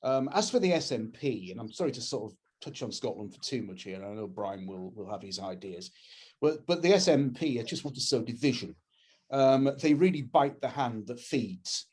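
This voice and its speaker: Husky-voiced Englishman talking politics. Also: medium pitch, lively intonation, moderate pace, darkish tone. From England. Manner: earnest and opinionated, with frequent restarts. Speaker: campaigns head speaking at a webinar. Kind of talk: political talk. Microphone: video call.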